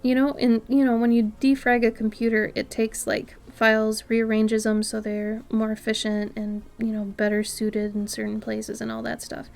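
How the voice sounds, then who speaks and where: A woman artist chatting casually with her live-stream viewers, often dropping to a soft near-whisper and breaking into excited exclamations. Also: fairly high pitch, normal speed, creaky, hardly any pauses.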